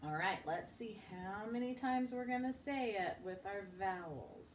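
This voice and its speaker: A woman teaching a children's phonics lesson. She models each sound slowly and with exaggeration, and breaks into sing-song chants. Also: medium pitch, expressive, a little hiss or hum. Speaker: speech and language teacher.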